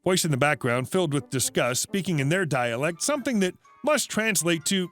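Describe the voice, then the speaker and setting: A man's voice: on the high side, wildly swooping pitch, measured pace, a bit bright, soft background music. A man narrating a story in a wry, sarcastic way, slipping into little voiced asides. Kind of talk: scripted narration.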